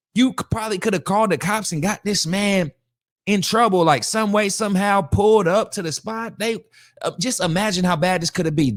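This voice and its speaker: Animated man reacting, dry close sound. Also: high voice, no room sound. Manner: animated, slangy, emphatic, repeats lines for effect. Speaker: podcast host reacting to a video. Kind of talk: casual reaction commentary.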